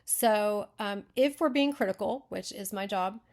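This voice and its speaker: A woman's voice: medium pitch, a little slow. A woman hosting a casual writing critique, chatty and full of fillers and self-corrections. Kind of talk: casual teaching.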